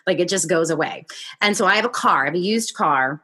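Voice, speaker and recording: Animated woman telling a story. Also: on the low side, fairly quick, husky. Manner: animated storyteller, acts out her own reactions. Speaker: podcast host. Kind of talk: casual conversational interview.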